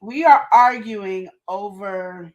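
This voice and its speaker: A woman's voice: mid-range voice, slow pace. A woman co-hosting a live relationship advice stream, talking in a casual, emphatic way with slang and repeated questions. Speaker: co-host of a live advice show.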